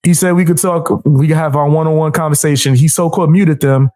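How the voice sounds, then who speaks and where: A man's voice: fairly high pitch, steady tone, fairly quick, darkish tone. A man giving casual, trash-talking commentary while he reacts to a debate clip on his stream.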